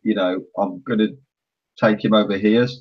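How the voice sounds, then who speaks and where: A man's voice: fairly low pitch, steady tone, moderate pace, breathy edge. A man playing a tabletop game, talking hesitantly with many fillers and a polite tone. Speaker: tabletop player. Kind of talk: in-character roleplay and table talk. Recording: dull lo-fi recording.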